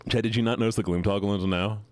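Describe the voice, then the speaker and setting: A man's voice: lowish voice, steady tone, rapid-fire, dry recording. A man streaming live, chatting casually and teasing his chat with playful mock-villain boasts.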